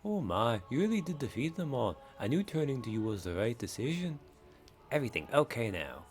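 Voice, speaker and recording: A man's voice: medium pitch, very animated, brisk, faint music behind. A man reading out game dialogue in a put-on voice as a giddy, overjoyed potion brewer.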